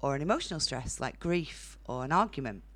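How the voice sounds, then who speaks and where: A woman's voice: a bass voice, big pitch swings, fairly quick. A young woman with a Northern English accent doing a blunt, chatty stand-up set on a comedy club stage, laughing at her own jokes. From Northern England.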